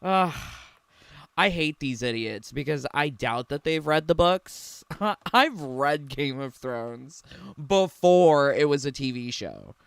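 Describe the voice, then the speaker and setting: Slow, gravelly young man riffing sarcastically. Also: on the high side, lively intonation, dry recording. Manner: sarcastic, giggly, filler-heavy. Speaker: streamer reacting to a game trailer. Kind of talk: casual reaction commentary.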